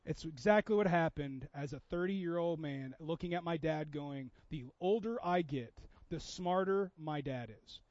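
High-voiced man preaching a sermon. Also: normal speed, hardly any pauses, a little mellow, no room sound, highs cut off. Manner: conversational preaching, acts out quoted voices. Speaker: pastor.

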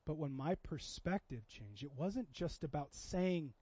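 Pastor, man, thirties, high tenor, chatty sermon delivery, dry and slightly dull recording. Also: lively intonation, measured pace, dark tone, breathy edge, no echo. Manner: conversational preaching, acts out quoted voices.

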